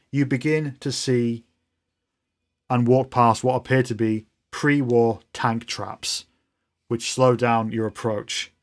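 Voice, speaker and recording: A man narrating a tabletop role-playing game as game master, describing scenes in a loose, storytelling way. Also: medium pitch.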